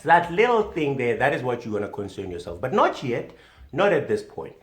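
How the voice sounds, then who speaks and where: Theatrical man, swinging loud to whispered. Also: medium pitch, huge pitch swings, a little fast. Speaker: comedic self-styled sex-advice doctor. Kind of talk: mock instructional monologue. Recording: echoey room.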